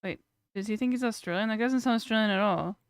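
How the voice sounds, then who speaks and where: A woman's voice: medium pitch, fast talker, very noisy. A young woman streamer chatting casually and joking as she reacts to a video.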